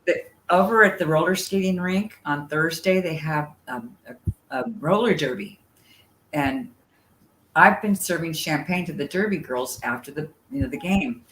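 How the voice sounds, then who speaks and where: A woman guest tells stories in a casual chat, chatty and animated, with many fillers. Her voice sits low at normal speed, with a little hiss or hum. The sound is roomy with faint ambience.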